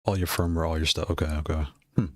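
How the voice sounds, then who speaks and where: A man with a rumbling low voice and fairly even intonation talks fast about game controllers while browsing, as a gaming hardware video creator. The product chat is casual and rambling, with frequent laughter and repetition, and there's no room sound.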